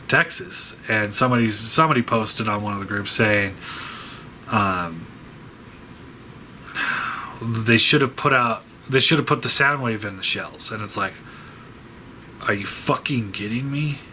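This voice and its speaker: A man talks through a casual farewell vlog in a bright, forceful voice. He rambles and halts, restarting sentences and filling gaps with fillers. A faint hiss sits under the recording. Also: on the low side, measured pace, long pauses. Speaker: toy review channel host.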